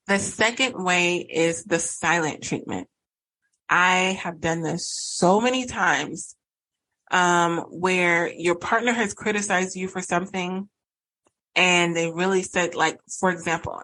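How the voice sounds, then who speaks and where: A woman's voice: fairly low pitch, fairly bright tone, poor audio. A woman in her thirties hosting a solo podcast, talking earnestly and acting out both sides of a couple's argument. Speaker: podcast host and relationship coach.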